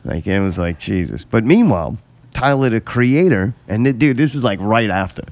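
A man's voice: on the low side, expressive, moderate pace, darkish tone. A man hosting a casual podcast, telling stories with plenty of swearing and laughter. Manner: profane, laughing storyteller. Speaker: podcast host. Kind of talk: casual chat.

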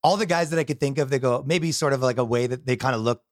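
A podcast host from Canada chats loosely, wandering through his thoughts with plenty of filler words. His voice sits at an ordinary middle pitch for a man. The recording is close and dry, with no room sound. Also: fast talker, no echo. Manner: rambling, heavy on filler words. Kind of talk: casual podcast chat.

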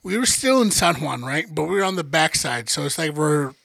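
A man with a high voice and a bright, gravelly edge tells a story on a podcast. He swears freely and acts out every scene as he goes, with a husky, raspy grain to his tone. The sound is close and dry. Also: a little fast, no echo. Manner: animated, profane storyteller. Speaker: podcast host. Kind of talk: casual storytelling chat.

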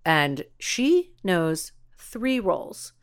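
A woman's voice: fairly low pitch, very animated, extremely slow, clear, resonant tone. A woman co-hosting a podcast in casual chat, chatty and playful, laughing often. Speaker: podcast co-host.

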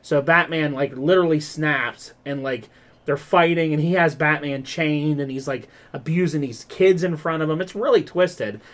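A man hosting a podcast, retelling a story in a rambling, animated way, with lots of "like" and "um". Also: fairly high pitch, normal speed. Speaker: podcast host. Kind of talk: casual podcast chat.

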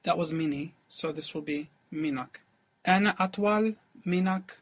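A man's voice: a little high, unhurried, a little hiss or hum. A man learning Arabic in a one-on-one lesson, answering and repeating his teacher's prompts a little hesitantly. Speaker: language learner.

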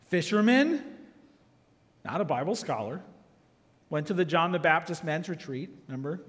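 Male pastor preaching with animated energy, fairly high voice, long hall reverb. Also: normal speed, long pauses. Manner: animated, acts out quotes with sudden loud shouts. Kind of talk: sermon.

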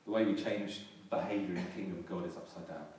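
Low-voiced man preaching in an echoey hall. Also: steady tone, fast talker, darkish tone. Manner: earnest, repeats and restarts phrases, rises for emphasis. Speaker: pastor. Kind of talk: sermon. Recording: echoey hall from far off, faint noise.

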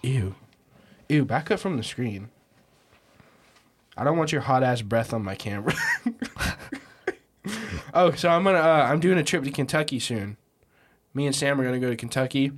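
Expressive and brisk, with frequent pauses, a young man with a mid-range voice hosts a casual podcast chat. His humor is crude, and at times he does a mocking ASMR-style whisper.

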